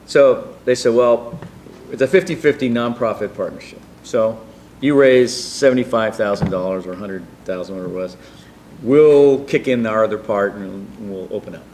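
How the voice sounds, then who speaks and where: A middle-aged man telling a personal story in a rambling, animated way, with many fillers and restarts. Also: on the low side, normal speed, a little hiss or hum. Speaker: storyteller guest.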